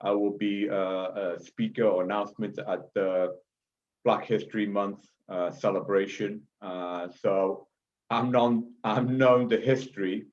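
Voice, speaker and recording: A man of Chinese origin delivers a forceful lecture in a lowish, fairly even, unhurried voice. He repeats himself often and keeps checking in with "okay?" asides. The audio is dull and lo-fi.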